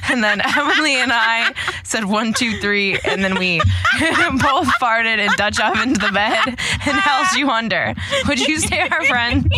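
A woman's voice: fairly high pitch, very animated, measured pace, heavy background noise. A woman co-hosting a podcast, rambling through stories and laughing often. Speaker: podcast co-host. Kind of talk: casual chat.

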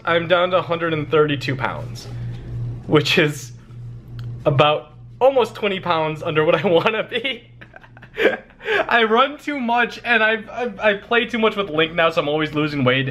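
A man vlogging casually at home, chatting to viewers and cooing at his puppy in a higher, sing-song voice. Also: pushed and bright, slight background noise. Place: home living room.

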